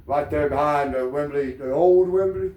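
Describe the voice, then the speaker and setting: A man's voice: fairly high pitch, moderate pace, a little mellow. A man with a Southern American accent, talking in a rambling, profane, digressive monologue to the camera. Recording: echoey room, mic at a distance.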